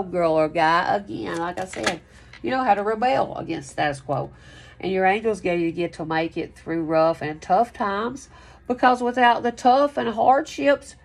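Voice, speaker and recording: A woman giving a casual, loose spoken tarot reading, chatty, breaking into whoops and laughs. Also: mid-range voice. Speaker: tarot reader.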